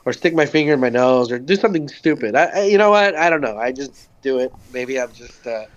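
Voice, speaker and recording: This man, a Southwest native from Socorro, is a podcast guest spinning a meandering story in relaxed chat. He peppers it with "like," cusses openly, and performs the quotes, his mid-range voice lively and fairly quick, with the recording's highs cut off.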